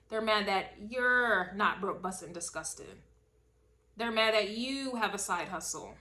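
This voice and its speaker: A woman does a casual tarot reading out loud, slangy and emphatic, coming back to a refrain again and again. She swings between loud bursts and quiet asides.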